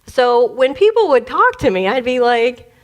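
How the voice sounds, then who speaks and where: A spiritual speaker from the Detroit area, USA, this woman has a high-pitched voice and talks at normal speed. She tells a personal childhood story in an animated way, laughing often and acting out the voices.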